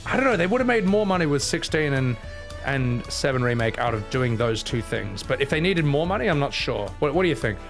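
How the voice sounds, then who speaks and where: A male streamer giving casual, ranting game commentary at a middle pitch. His tone is sarcastic and he swears freely as he complains about the series. He talks straight to his chat. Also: very animated, fairly quick, faint music behind.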